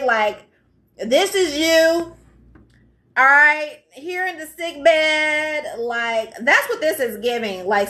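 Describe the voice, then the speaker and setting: A woman's voice: sits high, bright, forceful tone. A woman giving a live tarot reading in a blunt, profane, emphatic way, often checking in with "all right?". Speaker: tarot reader.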